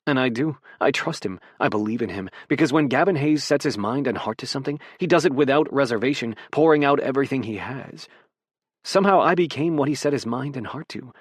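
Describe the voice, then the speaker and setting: A man narrating a romance audiobook in the first person, soft and intimate in delivery. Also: mid-range voice, lively intonation, brisk, breathy edge, no echo, clean studio sound.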